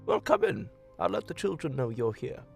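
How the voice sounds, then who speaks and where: A man voicing an aged, balding and kindly human priest, polite and a little halting. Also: medium pitch, wildly swooping pitch, creaky, faint music behind, pitched above the performer's own voice, exaggerated voice. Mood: gentle.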